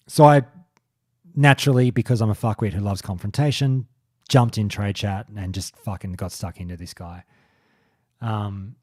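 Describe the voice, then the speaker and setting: A man's voice: fairly low pitch, dark tone, no room sound, clean studio sound. A man in his forties hosting a podcast, rambling through a casual monologue in a blunt, profane way. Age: 40s. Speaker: podcast host.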